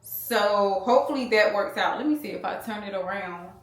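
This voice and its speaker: A thirty-something American woman records a rambling, casual beauty vlog in a room at home, calling her viewers y'all. She has a mid-range voice at normal speed, and the small handheld camera captures a reverberant space.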